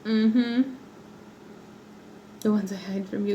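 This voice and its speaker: A woman's voice: mid-range voice, fairly even intonation, slow, long pauses, noisy background. A woman hosting a craft livestream from her home workspace, chatting playfully and laughing often as she works. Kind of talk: chatty livestream while working.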